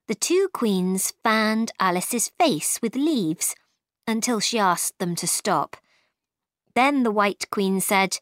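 A woman narrating a storybook in a clear, deliberate reading. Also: medium pitch, lively intonation, no echo, clean studio sound.

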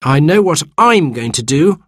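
A man's voice: fairly high pitch, very animated, a little slow, a bit bright, no echo, clean studio sound, voice pushed up, heavily acted. A man voicing a young boy who becomes a giant, in a raised childish voice. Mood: determined.

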